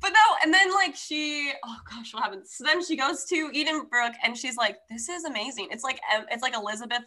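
A woman's voice: high voice, animated, a little fast, sharp tone. A young woman chatting casually about a book, bubbly and gushing, with lots of filler words.

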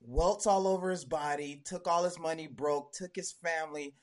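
A man's voice: fairly high pitch, normal speed. A man hosting a podcast in casual chat, laid-back and slangy, with many fillers. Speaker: podcast host.

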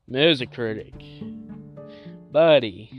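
A man putting on a pushy, smug character who won't stop teasing, obsessed with a bygone decade. His pitch sits mid-range. Loud music plays in the background throughout. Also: expressive, takes it slowly, dull audio. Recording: music playing loudly behind.

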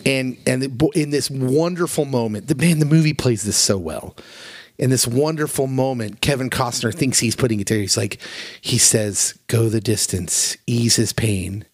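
A man's voice: mid-range voice, moderate pace, no room sound. A man co-hosting a casual podcast chat. He talks earnestly and emotionally, falling into heartfelt storytelling in a mid-range voice. The recording is dry and close, with no room sound. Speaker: podcast co-host.

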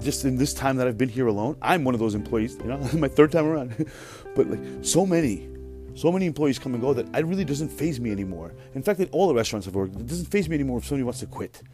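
A man in his thirties rants through a work story on his podcast, cursing freely and sounding fed up. He talks at a rapid clip. Faint guitar music plays softly under his voice. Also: medium pitch, lively intonation. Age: 30s. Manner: profane, exasperated, mimics other people's voices. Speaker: podcast host. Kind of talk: casual storytelling rant.

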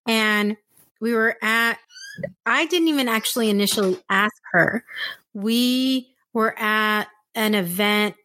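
A woman podcast host from San Diego, telling stories in casual chat and acting out quotes in excited voices. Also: no echo. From San Diego, USA. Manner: animated storyteller, acts out quotes with high excited voices.

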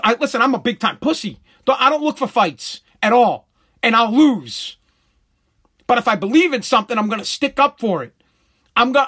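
A man's voice: extremely high pitch, pushed and bright. A middle-aged man, hosting a show and telling a profane story bluntly, with many restarts. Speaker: show host.

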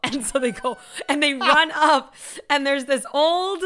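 A woman's voice: high voice, unhurried. A woman co-hosting a casual chat, telling stories with lots of laughter and acting out scenes. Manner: animated, laughing storyteller acting out bits. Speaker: podcast co-host.

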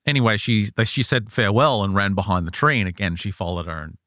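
A man hosts a podcast in a casual chat, retelling a strange account with lively storytelling and voicing the people he quotes. His voice sits low. The recording is dry and close, with no room sound. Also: fast talker, dry recording. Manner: animated storyteller, acts out quoted lines. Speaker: podcast host.

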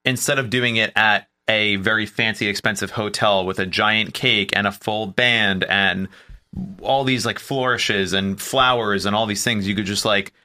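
A man chatting casually on a podcast, rambling through his points. His voice sits low but rings bright and forceful. He jokes easily at his own expense. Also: steady tone, moderate pace. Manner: rambling, joking, self-deprecating. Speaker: podcast co-host. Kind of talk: casual chat.

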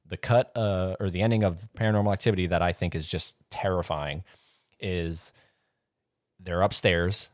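Deep-voiced man telling a story. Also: steady tone, moderate pace, no echo, studio quality. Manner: rambling storyteller, acts out scenes with voices. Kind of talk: casual chat about horror movies.

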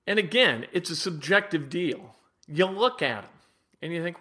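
A man's voice: fairly high pitch, animated, normal speed, pushed and bright. A man hosting sports talk, blunt and emphatic, speaking straight to his listeners. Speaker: sports radio host.

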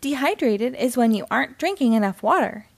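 A woman's voice: fairly high pitch, animated, fairly quick, vocal fry, no room sound. A woman voicing a cheerful young girl who plays toy doctor, eager and caring.

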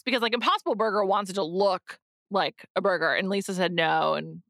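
A woman's voice: medium pitch, fairly quick, creaky, fairly bright tone, no echo, studio quality. A woman co-hosting a podcast in casual chat, talking with lots of "like" fillers and restarts. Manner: chatty, many "like" fillers and restarts. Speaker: podcast co-host. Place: in New York.

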